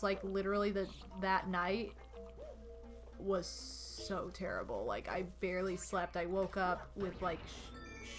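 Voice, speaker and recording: Streaming a video game from home, a young woman with a mid-range voice chats casually and tells animated, rambling stories to viewers, saying "like" a lot and laughing. Game music plays faintly in the background.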